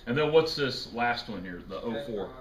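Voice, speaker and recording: Casual male chemistry teacher, bright voice. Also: mid-range voice, expressive, moderate pace. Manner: casual, jokey, quizzes the class. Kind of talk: classroom lecture. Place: classroom. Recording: echoey classroom with faint noise.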